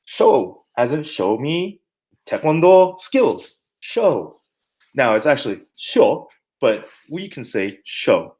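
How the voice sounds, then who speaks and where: A male martial arts instructor teaches basic terms slowly using playful mnemonics, singing and mimicking to help words stick. He is animated and jokey, his pitch swinging widely as he demonstrates, and his delivery stays loose and conversational.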